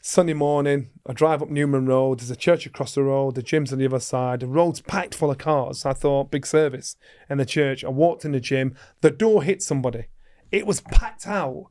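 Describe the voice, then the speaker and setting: A man's voice: medium pitch, normal speed, no echo, clean studio sound. A middle-aged man, a former boxer telling a story in a podcast interview and acting out other voices. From Sheffield, England. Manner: vivid storyteller, acts out other voices and shouts.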